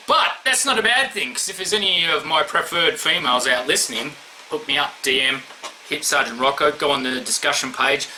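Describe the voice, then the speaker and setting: An Australian YouTuber answers award questions in a casual vlog, rambling bluntly and swearing constantly. His voice is a little high, with a bright, forceful tone.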